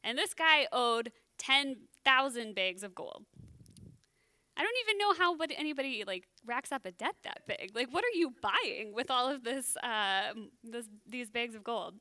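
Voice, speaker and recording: A woman gives a casual sermon in a high, bright voice that stays smooth and clear. She talks in a chatty, self-deprecating way, thinking aloud as she explains. The sound is dry and close. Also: expressive, measured pace, no room sound. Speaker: bible teacher.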